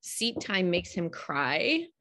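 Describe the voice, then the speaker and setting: A woman's voice: on the low side, big pitch swings, slow, sharp tone. A woman guest, a homeschooling mother, talking things through at length in an earnest, open way during a casual live call.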